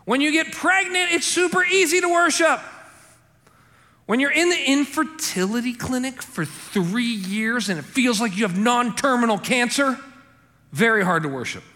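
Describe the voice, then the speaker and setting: Pastor, male, high bright voice, chatty emphatic sermon, echoing church hall. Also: lively intonation, moderate pace. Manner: conversational, emphatic, frequent "okay?" and "right?" asides. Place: church sanctuary. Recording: long hall reverb.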